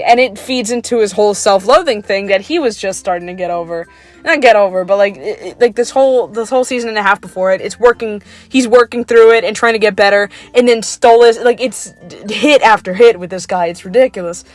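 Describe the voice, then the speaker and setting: A woman's voice: mid-range voice, brisk, faint music behind. Rambling young woman ranting casually. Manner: rambling, full of fillers and restarts; exasperated, laughs at herself. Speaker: video creator. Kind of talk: unscripted rant about a cartoon episode.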